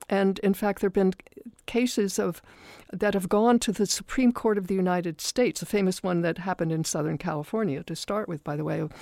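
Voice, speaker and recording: Radio guest: woman academic, gravelly fry in her voice, dry close sound, musing and wry. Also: mid-range voice, darkish tone, no echo. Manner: reflective, wry, digressive. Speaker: philosophy professor, radio guest. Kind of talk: thoughtful conversational explanation.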